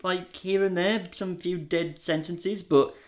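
A young man co-hosting a casual podcast chat, excitable and sweary, laughing often. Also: high voice, a little slow. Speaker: podcast co-host.

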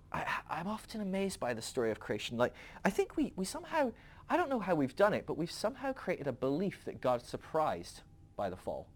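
Man rambling through a lively podcast monologue. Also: fairly high pitch. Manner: rambling and conversational, with frequent "right?" asides. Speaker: podcast host.

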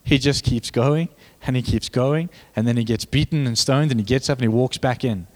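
A young man preaching a sermon, animated and joking with the congregation, building to fervent emphasis. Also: medium pitch, moderate pace. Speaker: pastor.

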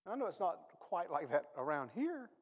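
A male pastor delivers a sermon with a lively, swooping delivery, his fairly high voice rising to loud exhortation and dropping to quiet asides. He mixes in self-deprecating humor. A long reverb from the church hall trails behind his words. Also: moderate pace, slightly rough, dull audio. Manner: animated, swings from low asides to loud exhortation; self-deprecating humor, reads ads aloud for laughs. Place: church sanctuary.

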